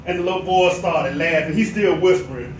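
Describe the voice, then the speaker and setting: A man preaching a sermon as pastor, telling a story with animated delivery. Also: fairly high pitch, a little fast. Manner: animated storyteller, drops to a hush for quoted whispers. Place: church sanctuary. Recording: echoey church from a distance, faint noise.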